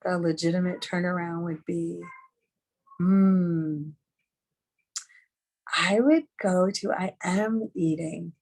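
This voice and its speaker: A woman's voice: lowish voice, fairly even intonation, measured pace, gravelly. A middle-aged woman giving a candid, chatty teaching talk on a video call, earnest and full of fillers. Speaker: webinar speaker.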